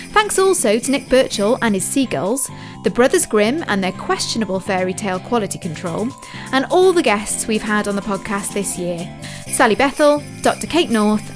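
A woman co-hosting a podcast, chatting playfully and then reading a closing outro. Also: mid-range voice. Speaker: podcast co-host. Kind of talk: casual chat and scripted outro.

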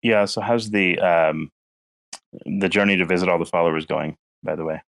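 Low-voiced man, offhand and joking. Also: steady tone, moderate pace, vocal fry. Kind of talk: casual chat on a group voice call.

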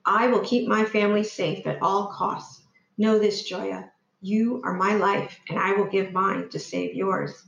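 A woman reading the part of a solemn, gentle father who runs a newspaper, in a quiet, measured, reassuring way. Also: mid-range voice, fairly even intonation, creaky, echoey room, highs cut off.

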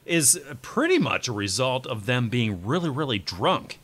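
A man's voice: mid-range voice, very animated, normal speed, a bit bright, slight background noise. A man hosting a podcast, talking in a rambling casual way with many fillers. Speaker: podcast host. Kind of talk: casual chat.

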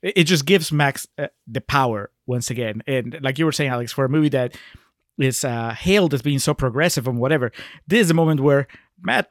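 A man's voice: mid-range voice, brisk, no echo, studio quality. A man co-hosting a podcast, giving a sarcastic critique of a film. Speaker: podcast co-host. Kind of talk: casual movie-review chat.

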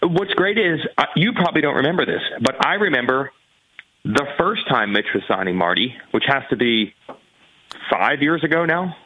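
A man's voice: mid-range voice, animated, moderate pace, slightly rough, dry recording, muffled recording. A man co-hosting a casual motorsports podcast, teasing his co-host and laughing along. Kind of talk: casual chat.

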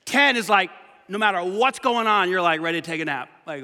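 Man preaching, very high voice, bright and forceful, casual sermon, loud then hushed. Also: lively intonation, fairly quick. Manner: conversational, swings from loud urging to hushed. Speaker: pastor. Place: church. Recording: long hall reverb.

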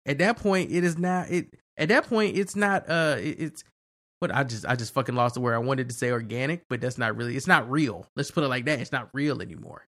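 Animated ranting man in casual chat. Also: medium pitch, brisk. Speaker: podcast co-host.

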